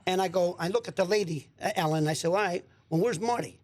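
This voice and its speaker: In a radio studio, a man appears as a guest and delivers a long, lively story in a high-pitched, rapid voice. Quoted dialogue gets acted out with gusto, and certain words come back more than once in this chatty storytelling session.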